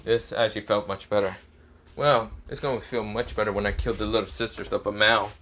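A man's voice: on the low side, steady tone, fairly quick, pushed and bright. A man voicing a cocky, possessive young demon-slayer hero.

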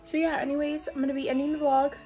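A woman's voice: high-pitched, flat delivery, fast talker, dark tone, soft background music, poor audio. A young woman vlogging casually, chatty and bubbly, with lots of "like" and "um". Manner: chatty and bubbly, heavy use of "like" and "um". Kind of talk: casual vlog chat.

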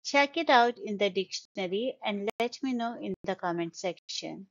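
A woman's voice: mid-range voice, expressive, muffled recording. A woman teaching an English vocabulary lesson, carefully sounding out words syllable by syllable. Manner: slow, deliberate, stresses syllables.

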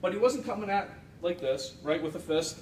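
A man's voice: lively intonation, a little fast, a little mellow. A man questioning a witness in a courtroom cross-examination, leading him with short questions and frequent checks for agreement. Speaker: defense attorney. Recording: echoey room from far off, faint rumble.

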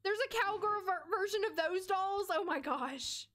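A woman's voice: extremely high pitch, normal speed, fairly bright tone. A woman from the United States streaming a life-sim game, chatting casually with viewers and talking to the characters.

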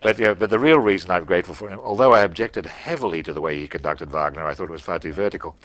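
A man hosting an interview, measured in his questions and telling anecdotes at an easy pace. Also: low-pitched, a bit bright, dry recording. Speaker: interview host. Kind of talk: conversational interview. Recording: dull lo-fi dry recording.

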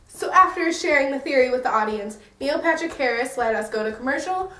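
A woman's voice: high-pitched, animated, a little fast, bright, forceful tone, distant mic. A young American woman vlogging in a casual, rambling and self-mocking way. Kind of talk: casual chatty review. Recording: echoey room, a bit off-mic.

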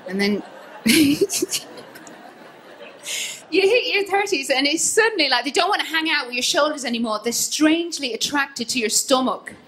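A woman in her thirties doing stand-up on a club stage, with a fairly high voice. Her tone is bright and cheeky, and she breaks into laughter at her own jokes. There is a faint hum of the room behind her. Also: animated, moderate pace, pauses often. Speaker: stand-up comedian. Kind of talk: stand-up comedy set.

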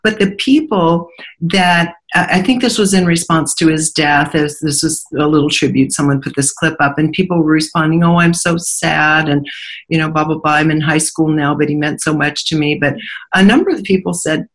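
A woman's voice: low voice, steady tone, normal speed. A woman hosting an interview, chatting casually and swapping stories and fun examples with her guest. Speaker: host.

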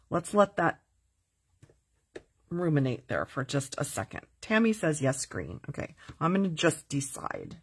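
A woman with a lowish, airy voice runs a live crafting lesson. She is chatty and upbeat, explaining each step and stopping to read out viewers' comments. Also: slightly rough. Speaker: crafting host. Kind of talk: live stamping tutorial.

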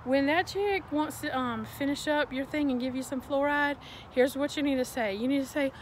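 A woman ranting casually to her viewers, animated and exasperated, in a folksy storytelling way. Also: sits high, normal speed, slight background noise, poor audio. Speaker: vlogger. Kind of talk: casual rant to camera.

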